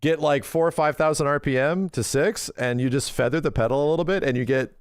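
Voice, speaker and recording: A man streaming, chatting casually and excitedly with his viewers, swearing often and acting out his own past conversations. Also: on the high side, a little fast, smooth, dry recording, clean studio sound. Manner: excitable, profane, retells talks in quoted voices. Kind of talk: casual livestream chat.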